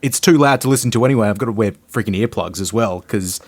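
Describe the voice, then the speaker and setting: A man's voice: lowish voice, quick pace, no room sound. A man co-hosting a gear podcast in casual chat, rambling and easygoing about gigging. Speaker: podcast co-host, gigging guitarist.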